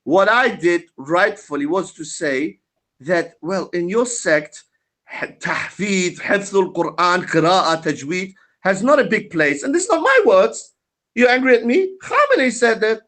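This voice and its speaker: A man's voice: sits high, sing-song, measured pace, fairly bright tone. A man in a heated online debate on a video call, mocking, combative and lecturing his opponent.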